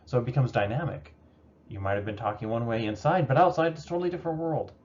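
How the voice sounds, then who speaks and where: A man teaching a lesson in a relaxed, conversational way, with some fillers. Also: medium pitch, quick pace. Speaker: instructor. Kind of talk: recorded lecture. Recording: dull lo-fi recording with faint noise.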